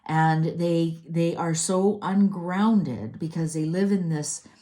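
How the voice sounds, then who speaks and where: A woman's voice: fairly low pitch, slow, mellow. A middle-aged woman doing a tarot reading, ranting in a heated, exasperated way with many restarts. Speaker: tarot reader.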